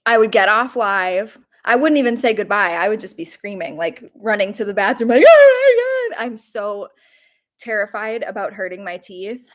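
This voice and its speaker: A young woman in her twenties hosting a casual live stream, chatty and quick to laugh, dramatic about small mishaps. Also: medium pitch, a bit bright. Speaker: YouTube livestream host.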